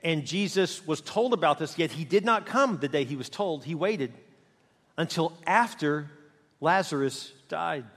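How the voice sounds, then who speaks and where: A male preacher delivers a sermon in an animated, emphatic storytelling manner. His voice sits high for a man. A long reverb from the church sanctuary hangs after his words. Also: unhurried.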